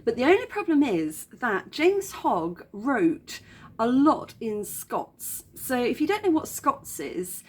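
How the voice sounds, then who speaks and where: A woman's voice: sits high, husky. An English woman chatting about books in a casual explanatory way, with frequent ums and self-corrections. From England. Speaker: book vlogger.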